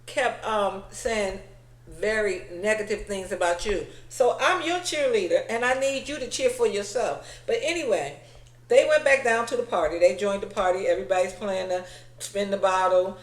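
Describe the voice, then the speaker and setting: A woman with a mid-pitched voice talks through a reality TV episode in a blunt, sassy way, dropping into other people's lines as she retells the scenes. She's recorded in a noticeably echoey room. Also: lively intonation, normal speed. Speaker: reality TV recap commentator. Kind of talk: casual recap commentary.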